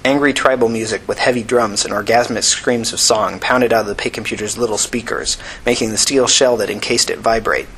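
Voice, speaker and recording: A male narrator reading a novel aloud at an even, steady pace. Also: mid-range voice, a little hiss or hum, low-quality recording. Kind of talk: audiobook narration.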